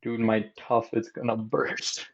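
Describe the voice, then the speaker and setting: A young man co-hosting a podcast in loose, animated conversation, laughing easily. His voice sits at a middling pitch and comes through a slightly dull, lo-fi microphone. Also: slow pace, gravelly, husky. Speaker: podcast co-host. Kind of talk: casual chat.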